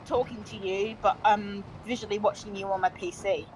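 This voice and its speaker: A woman's voice: medium pitch, steady tone, normal speed, a little mellow, a little hiss or hum, poor audio. A woman from England chatting over the phone with a streamer, talkative and hesitant, with lots of fillers. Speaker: friend on phone call. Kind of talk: casual chat.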